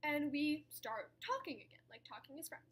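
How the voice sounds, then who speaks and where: A young woman vlogger telling a story in casual chat, dramatic and chatty, jumping between loud outbursts and soft asides. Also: high-pitched, sing-song, moderate pace.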